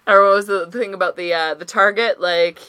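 A woman co-hosting a casual podcast, talking in a quick, jokey way and swearing freely. Her voice sounds bright and forceful. The sound is dry and close, with no room echo. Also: medium pitch, fairly even intonation, clear, resonant tone. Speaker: podcast co-host. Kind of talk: casual chat.

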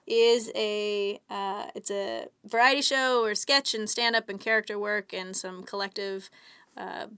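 Bright, dry-voiced woman chatting. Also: mid-range voice, unhurried, clean tone, dry recording. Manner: laughs often, animated storytelling. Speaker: guest. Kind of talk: casual chat.

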